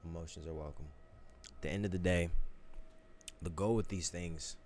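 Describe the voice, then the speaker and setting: A young man with a deep, low voice talks to his viewers on a casual late-night stream from his home studio. He rambles loosely, jokes around and swears freely. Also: steady tone, moderate pace, a little mellow, soft background music. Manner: loose, profane, rambling and joking. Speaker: streamer and musician.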